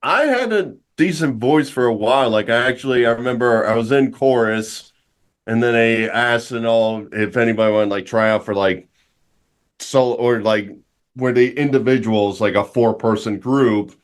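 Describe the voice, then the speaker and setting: A man's voice: mid-range voice, moderate pace. A man in casual podcast chat, rambling through stories with lots of fillers. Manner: rambling, storytelling, filler-heavy.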